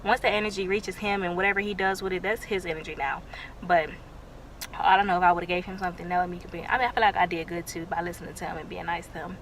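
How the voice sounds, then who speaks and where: A woman's voice: on the low side, steady tone, fast, a bit bright, slight background noise. A young woman talking casually to camera, emotional and close to tears. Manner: emotional, tearful with laughing asides. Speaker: vlogger.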